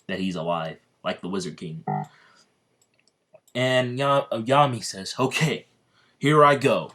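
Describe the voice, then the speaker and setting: A man telling a fan-made story in a hesitant, rambling way, full of ums and restarts. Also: sits low. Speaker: channel host.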